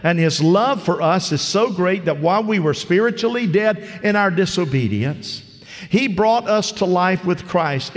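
A male pastor delivering a conversational sermon with a storytelling style, recorded in a church. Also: high voice. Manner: conversational preaching, acts out parable voices. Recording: long reverb of a large hall.

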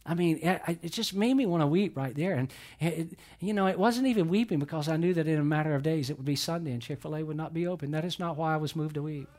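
A pastor preaching a sermon, telling a story and swinging between loud emphasis and near whispers, often repeating phrases. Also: male voice, on the high side, quick pace, hardly any pauses.

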